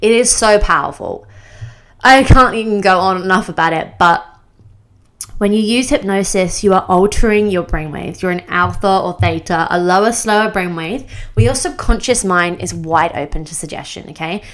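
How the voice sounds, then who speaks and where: A woman's voice: mid-range voice, moderate pace, a bit bright. A young woman giving a casual motivational talk to camera, bubbly and emphatic, often laughing mid-sentence as she makes her points. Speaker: self-improvement creator.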